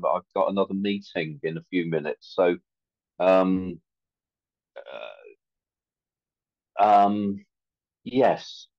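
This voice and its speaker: A man giving earnest, hesitant remarks on a video call, with many pauses and fillers. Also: low voice, dry recording, lo-fi sound. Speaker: community participant.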